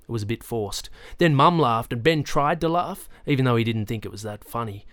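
An audiobook narrator, male, reads a novel aloud in a steady, measured storytelling style. His voice sits in the mid range, and the scripted narration is captured with studio quality and no echo.

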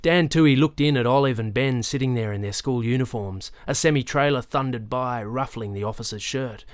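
This male audiobook narrator, medium in pitch, reads a novel aloud in a calm, measured, even storytelling voice. It's scripted narration, recorded dry in clean studio sound.

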